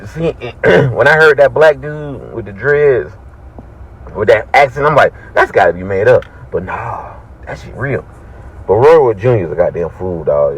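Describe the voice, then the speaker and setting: A man's voice: fairly low pitch, breathy edge, poor audio. A man making a casual reaction video, laughing and talking in slang.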